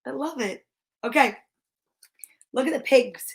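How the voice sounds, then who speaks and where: A woman reading picture books aloud for young children in a casual, chatty way, stopping to comment cheerfully between pages and slowing to a lilting rhythm for rhyming verse. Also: high voice. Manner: slows down and lilts when reading verse.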